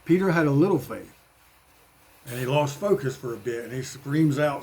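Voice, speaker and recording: A man's voice: medium pitch, lively intonation, normal speed, gravelly, darkish tone, slight background noise. A man giving an informal sermon in a conversational way, with playful voiced asides. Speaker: preacher.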